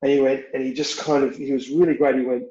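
A man's voice: mid-range voice, steady tone, quick pace, warm tone. A man, a film director talking frankly in an interview and swearing casually. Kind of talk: candid interview talk. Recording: roomy, slightly dull recording.

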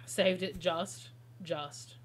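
In a fairly low, steady voice with drawn-out words, a woman streams a video game and chats casually with viewers. She tells stories and laughs often.

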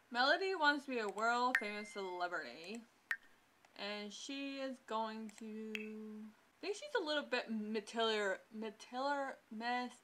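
A woman's voice: a little high, sharp tone, slight background noise. A young woman giving casual let's-play commentary, chatty and exclaiming often at what happens in the game. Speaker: gameplay commentator.

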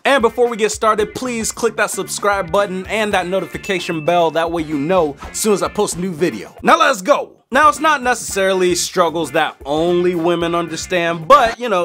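Male reaction host: bright, high voice, jokey and easily amused, faint music underneath. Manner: animated, joking, quick to laugh. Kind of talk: casual reaction commentary.

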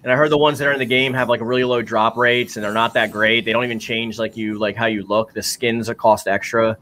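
A young man from New York with a New York accent, chatting casually while reacting to a live stream, full of "like" and quick laughs. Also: mid-range voice, fairly even intonation, sharp tone, slight background noise.

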